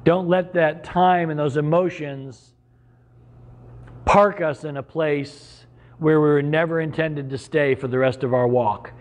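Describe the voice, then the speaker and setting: A man's voice: a little high, fairly even intonation, unhurried, a little mellow. A middle-aged man preaching a sermon as pastor, earnest and conversational, with sudden emphatic rises.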